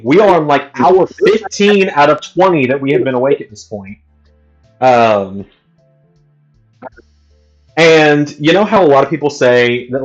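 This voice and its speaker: A man's voice: mid-range voice, lo-fi sound. A man hosting a livestream, telling a travel story in an exasperated, profane ranting way. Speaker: livestream host.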